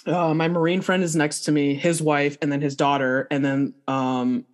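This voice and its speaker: A woman telling a funny story in casual chat, animated and laughing often as she quotes herself. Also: sits low, normal speed.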